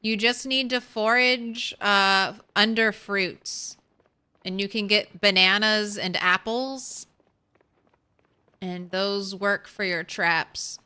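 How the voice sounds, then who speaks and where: Bright, clear-voiced woman streamer. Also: mid-range voice, fairly even intonation, slow. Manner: chatty, rambling, talks to chat. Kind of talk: casual gameplay commentary.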